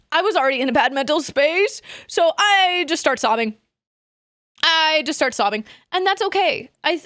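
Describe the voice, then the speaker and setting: High-pitched rambling young woman streamer. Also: dry recording, clean studio sound. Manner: rambling, animated, self-interrupting with laughs. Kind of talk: casual chat.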